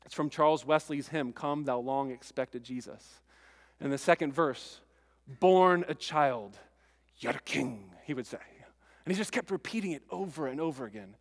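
A male pastor preaching a sermon, earnest and stirring, with relaxed conversational asides to the congregation. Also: on the high side, brisk, in a large hall.

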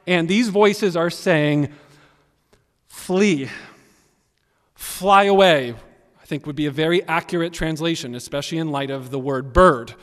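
A man preaching a sermon as pastor, animated and emphatic, swinging between loud and quiet. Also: a little high, a little fast, few pauses. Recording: long reverb of a large hall.

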